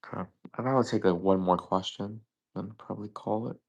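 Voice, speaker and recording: Young guy streaming trivia, low voice, kinda gravelly, stumbles and restarts a lot. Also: brisk, darkish tone, highs cut off. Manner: thinks aloud, stammers and corrects himself. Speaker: live-stream trivia host. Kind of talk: casual live-stream chat.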